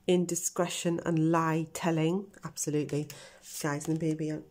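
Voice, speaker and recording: Low-voiced woman giving a tarot reading. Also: level tone, normal speed, a little mellow. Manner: earnest, speculative, addresses viewers as guys. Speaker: tarot reader.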